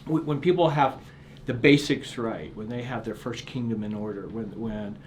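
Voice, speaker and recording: A man's voice: medium pitch, normal speed, a little hiss or hum. A middle-aged man, an author being interviewed, telling earnest stories and often restarting sentences with repeated words. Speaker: author and guest. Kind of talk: reflective storytelling interview.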